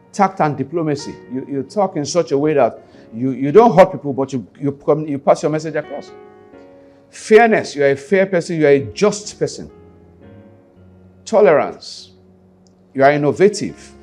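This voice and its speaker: A man's voice: mid-range voice, darkish tone. A man with a Nigerian accent, a life skills coach giving a motivational teaching talk, repeating key phrases and putting rhetorical questions to his listeners. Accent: Nigerian English.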